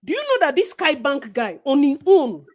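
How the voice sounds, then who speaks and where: A Nigerian woman co-hosting a casual gossip chat, animated and preachy, slipping into Pidgin. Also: high-pitched, normal speed. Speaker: co-host.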